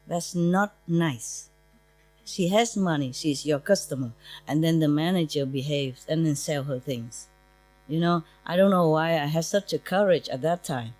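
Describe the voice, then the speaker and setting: Woman spiritual teacher, lowish voice, dry close sound, chatty and laughing, simple non-native English. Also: moderate pace, darkish tone, no room sound. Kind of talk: informal talk to disciples.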